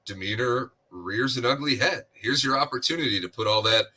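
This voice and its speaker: Very bright-voiced analytical podcast man. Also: mid-range voice, brisk. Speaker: sports podcast co-host. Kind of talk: casual analytical chat.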